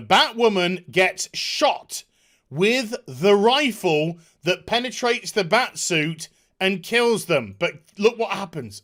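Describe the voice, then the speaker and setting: A woman's voice: medium pitch, big pitch swings, slow pace, fairly bright tone. A woman giving a sweary, exasperated, sarcastic rant reviewing a TV episode.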